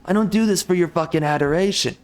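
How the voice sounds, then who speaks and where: A man's voice: sits high, fast talker. A young man with a profane, heated, repetitive way of talking, delivering an angry rant to the camera. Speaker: gaming YouTuber.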